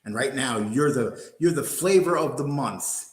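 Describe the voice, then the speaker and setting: An older man hosts a livestream and rants angrily, cursing, picking fights, and mocking. His medium-pitched voice is expressive and a little slow, with a roomy echo around it.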